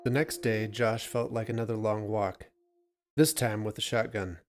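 A man reading a short story aloud in a steady, measured way. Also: lowish voice, faint music behind. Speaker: narrator.

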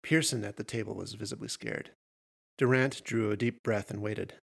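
Gravelly man reading horror fiction. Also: fairly low pitch. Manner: measured storytelling. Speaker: narrator.

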